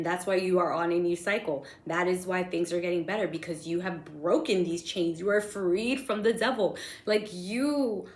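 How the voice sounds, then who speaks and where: Young female tarot reader, low-ish voice, casual and excitable, rambly slang, echoey room. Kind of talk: casual tarot reading monologue.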